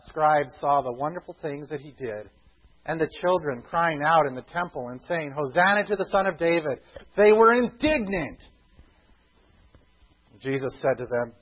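A man preaching a sermon, emphatic, slowing down for scripture quotes and dropping low for quiet asides. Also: breathy edge, dull audio. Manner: emphatic, slows for quotations, drops to quiet asides. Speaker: pastor.

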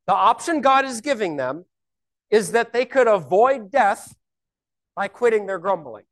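A woman's voice: medium pitch, sing-song, unhurried. A woman teaching a Bible lesson, explaining scripture step by step and asking rhetorical questions.

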